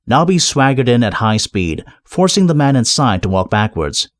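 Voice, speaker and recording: A man narrating a comic fantasy audiobook in a lively, expressive storytelling voice. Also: mid-range voice, moderate pace, no room sound, clean studio sound.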